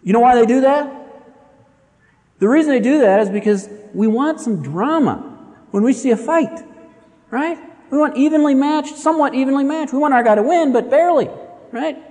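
A man preaching a sermon in an animated, dramatic storytelling manner. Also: very high voice, moderate pace, long reverb tail. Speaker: pastor.

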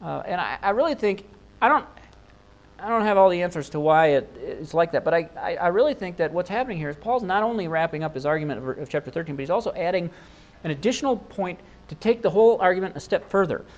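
A man's voice: high-pitched, expressive, fast talker, dull audio. Earnest man preaching a Bible passage. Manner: earnest, thinking aloud with restarts and rhetorical questions. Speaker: pastor. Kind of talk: expository sermon.

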